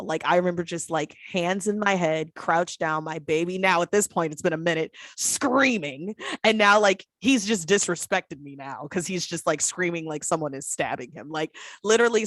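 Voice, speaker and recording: A woman's voice: lowish voice, gravelly, fairly bright tone, no room sound. A woman in her twenties hosting a podcast, talking frankly and profanely with frequent laughs and acted-out quotes. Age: 20s. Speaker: podcast host. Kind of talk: candid casual chat.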